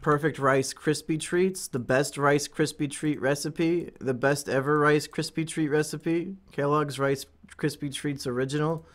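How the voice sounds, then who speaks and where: A man's voice: a little high, fairly even intonation, unhurried, hardly any pauses. A young man hosting a casual chat while gaming, joking crudely and swearing a lot. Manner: crude, profane, joking banter. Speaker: podcast host.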